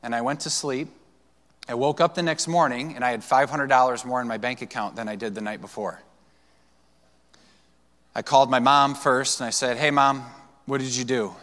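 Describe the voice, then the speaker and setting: A man's voice: medium pitch, fairly even intonation, moderate pace, long pauses, a bit bright. A male pastor preaching a sermon, telling personal stories in a loose, conversational way with fillers and restarts. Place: church sanctuary. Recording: long church hall reverb.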